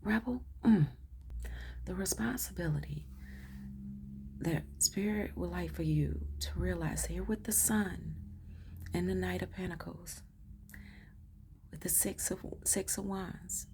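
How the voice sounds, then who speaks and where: A woman giving a channeled tarot reading in an emotional, affirming way, often dropping into soft whispers. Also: fairly low pitch, measured pace, gravelly, pauses often, slight background noise. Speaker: tarot reader.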